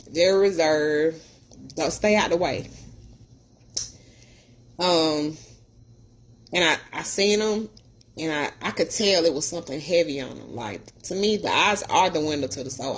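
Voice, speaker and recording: A woman's voice: fairly low pitch, slightly rough. A woman podcast host telling stories in an earnest, preachy way, acting out the people she quotes. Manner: earnest, preachy, animated retelling with voiced quotes. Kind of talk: storytelling monologue.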